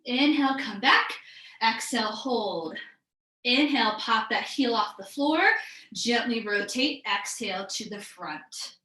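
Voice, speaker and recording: A woman's voice: a little high, measured pace, pushed and bright, echoey room, low-quality recording. Upbeat woman calling yoga poses. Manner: upbeat, encouraging, calls out breaths and poses. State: a bit out of breath. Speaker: yoga instructor. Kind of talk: live online yoga class cues.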